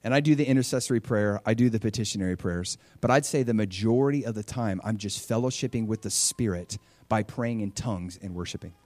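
A middle-aged male pastor preaching a sermon, lively and conversational, with frequent stammering restarts. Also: on the low side, fast, dry recording. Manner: animated, stammering restarts, acts out voices in stories.

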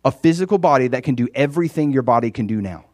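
A man's voice: mid-range voice, expressive, quick pace, no echo. Man preaching in a dry room. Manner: conversational preaching, swinging from quiet to loud and emphatic. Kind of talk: sermon.

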